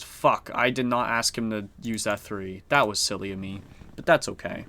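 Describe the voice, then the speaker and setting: A man's voice: fairly low pitch, moderate pace, sharp tone, no room sound. A man streaming a strategy board game, chatting casually and swearing now and then. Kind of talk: casual live-stream commentary.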